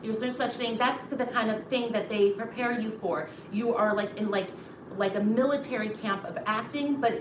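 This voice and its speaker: Animated woman telling stories, roomy and distant. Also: on the high side, normal speed. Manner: animated, acts out quotes, many fillers. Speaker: host. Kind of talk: casual storytelling while cooking. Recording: roomy, distant mic, background noise.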